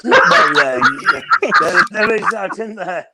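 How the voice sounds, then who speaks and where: A man's voice: sits high, unhurried, heavy background noise. An English man joining a fan stream as a guest, teasing the hosts and telling stories. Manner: cheeky, teasing, storytelling. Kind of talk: casual live-stream banter.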